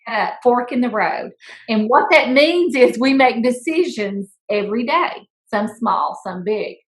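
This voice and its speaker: Playful storytelling woman, fairly high voice. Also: measured pace, low-quality recording. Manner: playful teasing, animated storyteller. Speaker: school principal, podcast co-host. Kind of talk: casual storytelling chat.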